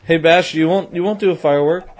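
A man's voice: a little high, fast talker, slight background noise. A man joking and teasing his friends while commentating a hide-and-seek video game. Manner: joking, teasing, laughs often. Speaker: gamer. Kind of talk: casual gaming commentary.

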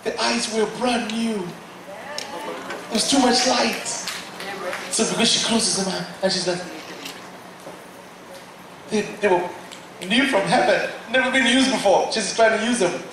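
A man giving a testimony sermon as guest preacher, telling the story in a lively way and acting out the people in it. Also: high voice, a little slow, long pauses, noisy background. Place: large hall at a church service. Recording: echoey hall from far off, with audience.

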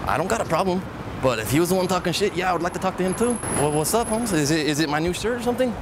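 A higher-pitched, fast-talking cholo tough with a thick Chicano accent, as a man puts him on. Slangy and confrontational, he keeps pressing strangers with the same catchphrase. Recorded outdoors on the street. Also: animated, background noise. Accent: put-on Chicano English. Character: swaggering young male cholo street tough. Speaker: prankster.

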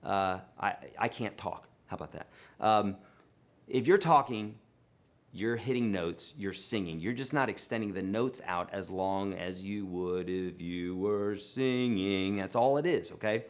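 A man teaching guitar on a live stream, talking in a chatty, rambling way with sudden animated outbursts. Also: on the low side, unhurried. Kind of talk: live online guitar lesson. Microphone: livestream microphone.

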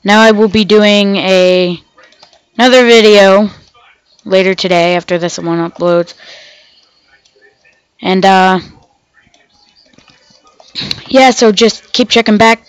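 Slow-talking sick woman gaming host. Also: mid-range voice, fairly even intonation, clean tone, dry recording, rough recording. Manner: rambling, chatty, talks to herself and the game animals. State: sick, sounds off. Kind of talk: casual gameplay commentary.

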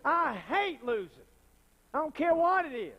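Preaching with real fire in a church sanctuary, this pastor keeps asking the congregation for responses and a witness. His voice sits high and bursts loudly and passionately again and again. He's animated yet unhurried, and the sound is lo-fi.

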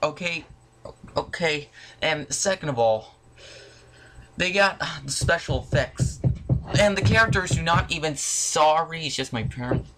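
A young man delivers a heated movie rant from his home. His voice is bright and sharp, and his pitch jumps widely. He swears often and sounds openly irritated. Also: lively intonation, unhurried, pauses often, a little hiss or hum. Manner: irritated, profane, exclamatory. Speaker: video channel host. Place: at home, in front of a disc collection.

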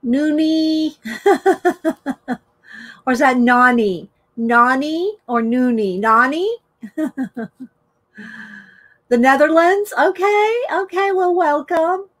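A middle-aged woman with a high voice hosts a live coloring stream. She talks slowly and easily, greeting each viewer by name as she works. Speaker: live-stream art host. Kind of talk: casual live-stream chat while coloring.

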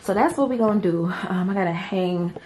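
Casting: young woman, chatty home vlogger who keeps saying y'all. Mid pitch, roomy sound. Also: brisk, noisy background. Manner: chatty, addresses viewers as y'all and girlies. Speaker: vlogger and small business owner. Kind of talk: casual chat to camera. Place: home office room.

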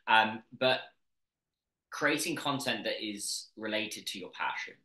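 Forceful British man in a roomy room. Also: on the low side, unhurried. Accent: standard British English. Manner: energetic storyteller with frequent restarts. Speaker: podcast guest, content creator. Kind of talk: casual interview talk. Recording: roomy echo.

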